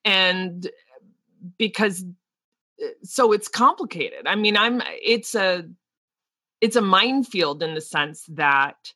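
A woman's voice: lowish voice, dry recording. A woman in her forties with a New Jersey accent, a teacher talking casually and thinking aloud. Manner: animated, thinks aloud with restarts. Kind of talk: casual discussion.

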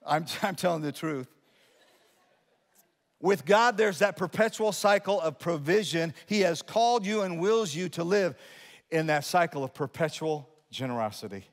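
Male pastor, sermon, fairly high voice, animated with loud peaks and soft asides, long church reverb. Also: normal speed. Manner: animated preaching, swinging from loud emphatic lines to quiet asides; humorous asides to the congregation. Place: church sanctuary.

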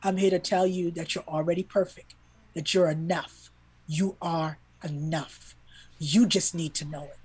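A woman's voice: fairly low pitch, steady tone, normal speed, a little mellow, breathy edge. A woman, a children's book author and illustrator, telling a heartfelt story as a podcast guest, earnest and emotional, repeating words when moved.

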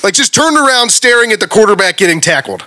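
A man's voice: high-pitched, very animated, fast, sharp tone, dry recording. A man hosting a casual sports podcast, ranting heatedly and swearing about his team. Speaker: podcast host.

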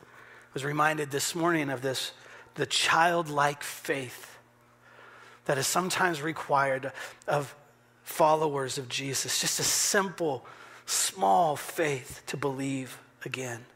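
A man preaching a sermon as pastor, earnest, rising to urgent emphasis and dropping to a hushed near-whisper. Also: a little high, takes it slowly. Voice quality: gravelly, husky. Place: church sanctuary.

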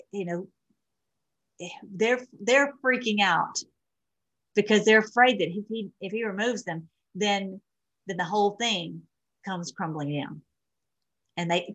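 A woman's voice: mid-range voice, breathy edge, poor audio. A middle-aged woman rambling through casual commentary as she reads posts aloud, with many restarts and fillers. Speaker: online show host.

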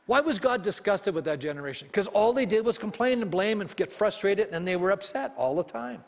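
A pastor preaching a sermon with emphasis and frequent questions put to the congregation. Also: male voice, high-pitched, expressive, brisk, vocal fry, hardly any pauses, long reverb tail.

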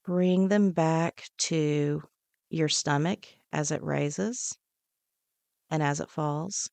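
A woman leading a guided breathing meditation on a podcast, giving slow, soothing, repeated instructions. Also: low-pitched, fairly even intonation, creaky, a little mellow, dry recording. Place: podcast studio.

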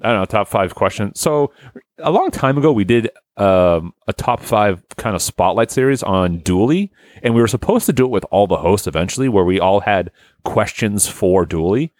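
Chatty guy on a podcast, lowish voice that swings a lot, laughs a bunch, dry close sound. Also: moderate pace, dry recording. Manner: animated, laughs often, swears casually. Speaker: podcast host. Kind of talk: casual chat.

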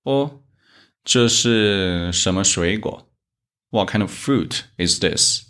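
Chinese guy teaching chinese lessons, kinda low voice, talks real slow and careful. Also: a bit bright. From China. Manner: speaks Chinese examples slowly and deliberately. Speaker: Chinese teacher, podcast host. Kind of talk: slow, methodical language lesson.

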